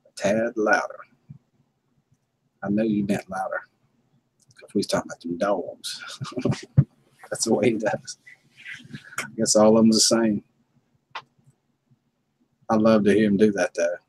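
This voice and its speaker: Husky low-voiced man, laid-back chat. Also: lively intonation, measured pace, pauses often, darkish tone, poor audio. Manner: laid-back, chuckling, tells homey stories. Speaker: livestream host. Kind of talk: casual livestream chat.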